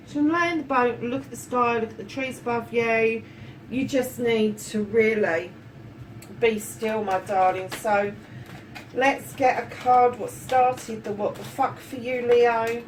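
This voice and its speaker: A fairly high-voiced woman chats her way through a tarot reading, affectionate and loose-tongued, with swearing dropped in freely. She sits a little back from the mic, and faint room noise lies under her voice. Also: a little slow, recorded from a distance, low-quality recording. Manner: chatty and affectionate, swearing freely, calls viewers darlings. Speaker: tarot reader.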